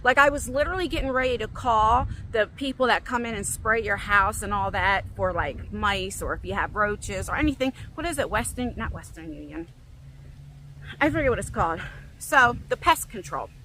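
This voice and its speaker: A middle-aged woman vlogging as she walks in a park, telling a story casually and acting out her own lines with big leaps in pitch, recorded on a phone. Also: moderate pace, slight background noise. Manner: animated, quotes herself with big jumps in pitch. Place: outdoors in a park, walking. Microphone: phone on a selfie stick.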